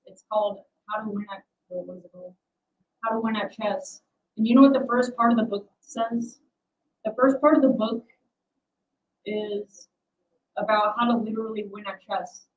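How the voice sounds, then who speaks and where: A woman's voice: medium pitch, poor audio. A young adult woman hosting a casual livestream, rambling and self-deprecating as she chats with her viewers. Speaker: livestream host.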